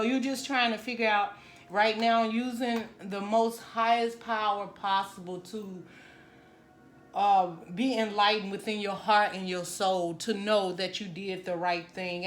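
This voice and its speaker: A woman gives a tarot love reading straight to her listener, talking earnestly and conversationally. Her middle-pitched voice rings in a noticeably echoey room, and she keeps asking "right?" as she goes. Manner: conversational, earnest, leans on "you know" and "right?". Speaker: tarot reader.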